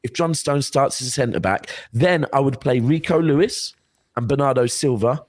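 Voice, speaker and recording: A man's voice: mid-range voice, normal speed, no room sound. A man on a football panel show, making his point earnestly with many restarts. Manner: earnest, argues with lots of restarts. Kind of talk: casual panel chat.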